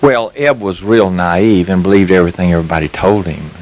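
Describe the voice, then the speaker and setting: A man's voice: low voice, brisk, a little mellow, a little hiss or hum, low-quality recording. A man in his fifties with a Southern US accent from Mississippi, telling folksy anecdotes with chuckles as an interview guest, a little tired. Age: 50s. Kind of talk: casual storytelling interview. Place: mobile home sales lot.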